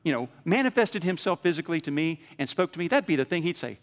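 A man preaching a sermon in a conversational way, swinging from loud emphasis to hushed lows and acting out quoted speech. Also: big pitch swings, fast talker, in a large hall. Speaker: pastor.

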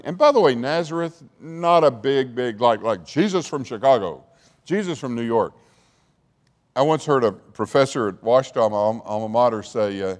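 A man preaching and teaching, telling a story with many restarts and becoming animated. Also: mid-range voice, moderate pace. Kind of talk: sermon. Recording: hall reverb.

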